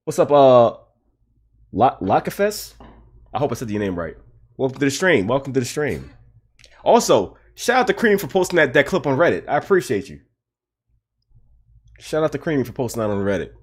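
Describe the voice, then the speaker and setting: A man hosting a livestream in a loose, heated rant. He repeats himself for emphasis and swears freely. His pitch leaps high when he gets worked up. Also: big pitch swings, brisk, pauses often, husky. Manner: repetitive, heated, swearing, laughing. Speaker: livestream host.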